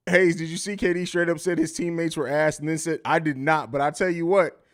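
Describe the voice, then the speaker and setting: High-voiced casual man hosting a stream. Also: fairly even intonation, normal speed. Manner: loose and profane, laughs often, reads viewer chat aloud. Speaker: podcast host. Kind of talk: casual live-stream chat.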